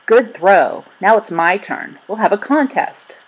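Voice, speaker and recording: A woman reading the lines of a bold, spirited girl who yells in play, in a storybook reading. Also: mid-range voice, animated, unhurried, husky, pitched above the performer's own voice, rough recording. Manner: yelling, spirited.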